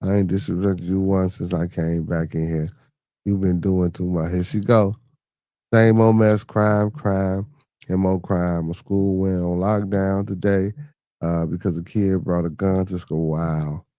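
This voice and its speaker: Chill podcast guy answering the chat, kinda low voice, dry close mic. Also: little pitch movement, a little slow, dark tone, dry recording. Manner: laid-back, talks back to chatters with loose slang. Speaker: podcast host reading live chat. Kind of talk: casual live-stream chat.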